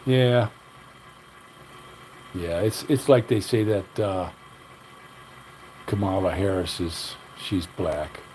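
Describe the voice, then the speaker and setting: An older man with a lowish voice holds forth on his livestream, blunt and opinionated, drifting from one gripe to the next. A faint engine rumble sits in the background. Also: slow, pauses often, darkish tone, low-quality recording. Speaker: livestream host. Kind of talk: casual livestream rant.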